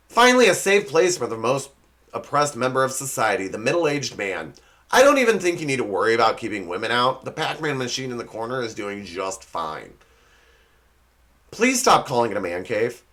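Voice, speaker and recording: A man's voice: medium pitch, very animated, normal speed, fairly bright tone. A young man hosting a comedy show, delivering a sarcastic scripted roast monologue and laughing at his own slips.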